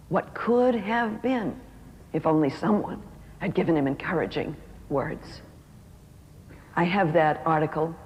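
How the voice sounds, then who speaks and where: Speaker telling a story in a hall. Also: mid-range voice. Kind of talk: storytelling sermon talk. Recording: reverberant hall with faint noise.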